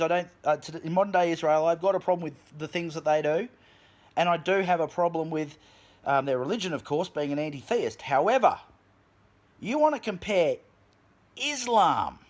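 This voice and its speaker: Australian man, heated vlog rant, swears constantly, bursts into shouts, camera mic. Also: on the high side, expressive, moderate pace. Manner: profane, heated, shouts at times. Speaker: vlogger. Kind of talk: angry rant.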